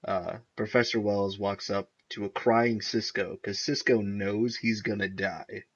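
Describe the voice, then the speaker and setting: A young man co-hosting a podcast in casual chat, excitedly recapping TV episodes and often laughing as he retells scenes. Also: lowish voice, a little slow, husky. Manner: excitable, laughs often, acts out characters' lines. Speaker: podcast co-host. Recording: dull lo-fi recording.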